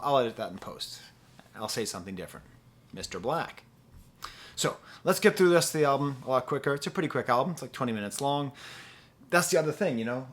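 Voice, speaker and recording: Young male reviewer, casual and rambling, playful, hums snippets mid-sentence, mid pitch. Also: a bit bright. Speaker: music reviewer.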